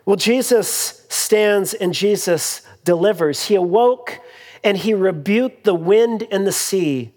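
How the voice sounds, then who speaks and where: Pastor delivering a casual, humorous sermon at an ordinary pitch; long echo of a big church hall. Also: takes it slowly, a little mellow. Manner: conversational, with frequent restarts and humorous asides.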